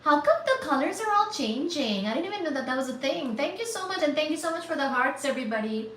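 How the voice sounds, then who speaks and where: A woman hosting a casual livestream, chatting with viewers and thanking them for super chats in a bubbly, excitable way. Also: sits high, quick pace. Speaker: livestream host. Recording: roomy, distant, faint static hiss.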